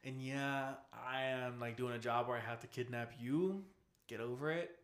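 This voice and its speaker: A man's voice: medium pitch, normal speed, a bit bright, reverberant, slight background noise. A man in casual gaming chat, rambling as he retells scenes and acts out game characters, swearing freely.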